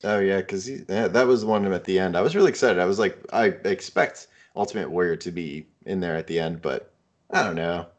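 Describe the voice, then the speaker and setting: A man's voice: low voice, a little fast. A man co-hosting a casual podcast, rambling and trailing off unsure of his point. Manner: rambling and unsure, often trailing off with "I don't know". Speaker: podcast co-host. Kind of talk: casual chat.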